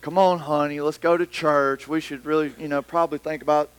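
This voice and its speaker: A preacher voicing a gloomy, defeated churchgoing man who talks slowly and sighs. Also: level tone, clear, resonant tone, close to an everyday voice. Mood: mopey. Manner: slow, sighing, low-spirited.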